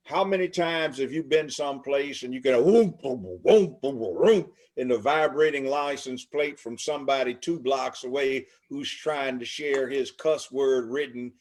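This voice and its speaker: An older man from Los Angeles, talking as an interview guest in an emphatic, preachy way with long lists. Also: medium pitch. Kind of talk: casual interview talk.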